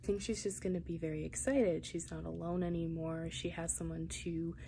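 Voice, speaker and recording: A woman's voice: fairly low pitch, fairly even intonation, brisk, vocal fry, mellow, slight background noise. A young woman chatting to camera about her writing, thinking aloud and rambling, sometimes dropping to a whisper. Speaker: writing vlogger. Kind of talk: casual chat to camera.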